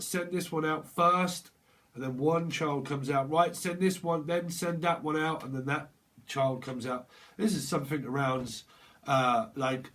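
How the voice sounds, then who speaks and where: A young man giving a tarot reading, acting out scenes in lively voices and swearing often. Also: mid-range voice. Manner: animated, acts out scenes with put-on voices, swears a lot. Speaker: tarot reader.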